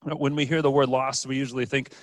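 A man's voice: medium pitch, little pitch movement, a little fast, dry recording, poor audio. A man preaching a conversational sermon as pastor, asking the congregation questions and pointing to objects as he talks. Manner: casual, asks the congregation rhetorical questions, uses props.

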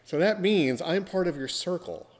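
A man's voice: sits high, animated, moderate pace, big-room sound. A man hosting a casual podcast, teasing his guest in a playful, theatrical way. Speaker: podcast host.

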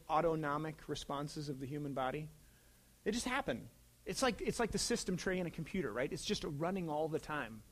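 A man in his thirties preaching a sermon as pastor, in a conversational way that swings from loud emphasis to hushed asides. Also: on the high side.

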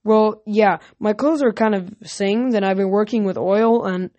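A woman reading the part of a cocky, joking teenage boy mechanic, in a quick breezy manner. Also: medium pitch, warm tone, no room sound, close to an everyday voice.

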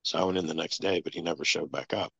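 A man telling a long personal story as an interview guest, in a flat, matter-of-fact way. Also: very deep voice, quick pace, creaky, husky, dry recording. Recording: dull lo-fi sound.

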